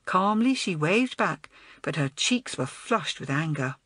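A woman narrating a children's audiobook in an expressive, storytelling manner. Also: low voice, normal speed, husky, no echo.

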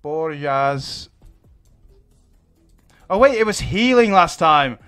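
Young man, gaming commentator; fairly high voice that jumps around a lot, excitable, swears freely. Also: slow, pauses often, soft background music. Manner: excitable, swears and exclaims in frustration. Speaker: gaming YouTuber. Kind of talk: live gameplay commentary.

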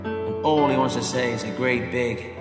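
A man's voice: medium pitch, fairly even intonation, moderate pace. A man performing a comic act, narrating a story like a storybook teller. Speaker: comedian performer. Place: large theatre stage. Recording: echoey stage hall, loud music and crowd.

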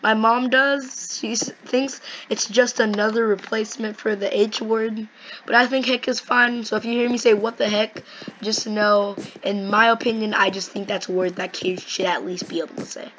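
A woman chatting casually and rambling excitedly while playing a game. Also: a little high, moderate pace, lo-fi sound. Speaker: gaming video host. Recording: noisy home mic recording.

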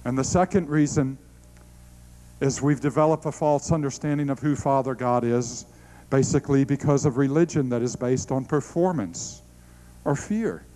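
A middle-aged man preaching a sermon, telling stories with animated delivery, laughing and stammering through restarts. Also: mid-range voice, unhurried, rough recording.

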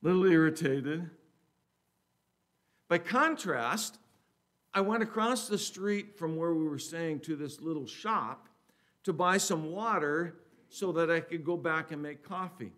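A man's voice: a little high, unhurried. Man preaching a conversational sermon. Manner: conversational preaching, rising and louder when reading scripture. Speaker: pastor.

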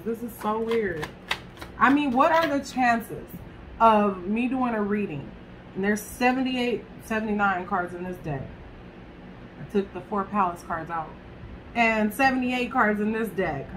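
A woman's voice: medium pitch, measured pace, fairly bright tone, slight background noise. A woman reading tarot cards to camera in a chatty way, talking straight to her viewers and swearing casually. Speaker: tarot reader.

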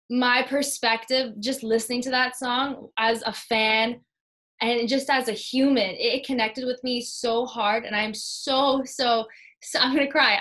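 Female podcast host, crisp bright voice, emotional and gushing with guests. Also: a little high. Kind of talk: casual podcast interview.

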